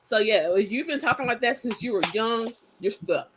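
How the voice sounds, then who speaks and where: A woman's voice: on the high side, normal speed, noisy background. A woman co-hosting a podcast, telling stories in casual chat and acting out what people said. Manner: animated storyteller who acts out quotes. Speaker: podcast co-host.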